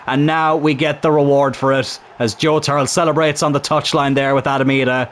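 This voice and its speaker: Male gaming commentator, casual, excitable at goals, light background hiss. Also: mid-range voice, fairly quick, few pauses. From Ireland. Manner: chatty, breaks into excited shouts at big chances and goals. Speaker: gaming YouTuber commentating his own match.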